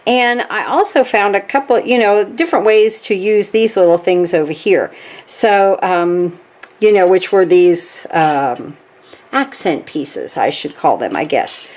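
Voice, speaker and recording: A woman's voice: medium pitch, lively intonation, a little slow, a little mellow. A woman demonstrating a stitching craft step by step, chatty, checking in with "okay?" as she works. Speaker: craft tutorial host.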